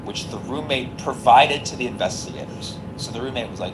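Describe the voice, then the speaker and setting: A man's voice: medium pitch, a little fast, hardly any pauses, background noise. A man giving sarcastic commentary and reading text messages aloud, laughing between lines. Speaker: online commentator.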